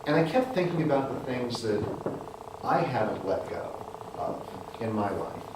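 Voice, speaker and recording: Middle-aged male speaker at a club meeting, lively storyteller, heard from a distance in a very echoey room with noise. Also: medium pitch, moderate pace. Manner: animated storyteller who acts out voices in anecdotes. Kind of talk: prepared storytelling speech.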